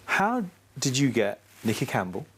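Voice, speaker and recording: A woman's voice: rumbling low, sing-song, moderate pace, breathy edge. A woman hosting a podcast interview, asking questions and giving frequent short encouraging affirmations. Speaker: podcast host.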